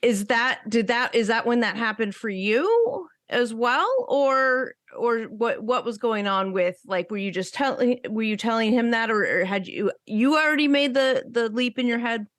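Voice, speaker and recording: A woman co-hosting a casual podcast chat, encouraging and quick to laugh. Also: a little high, a bit bright, dry recording, studio quality. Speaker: podcast co-host.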